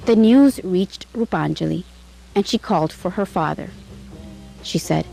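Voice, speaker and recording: Slow, measured woman telling a bedtime story. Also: lowish voice, vocal fry, dark tone, faint music behind, rough recording.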